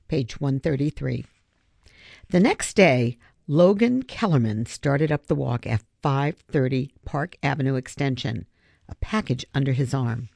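Expressive gravelly audiobook narrator. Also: medium pitch, dry recording, clean studio sound. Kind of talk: reading a children's novel aloud.

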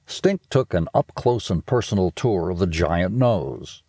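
Guy reading a kids audiobook, low husky voice, playful and swoopy, dry close sound. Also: unhurried, no room sound. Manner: playful and expressive. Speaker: audiobook narrator. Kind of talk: children's audiobook narration.

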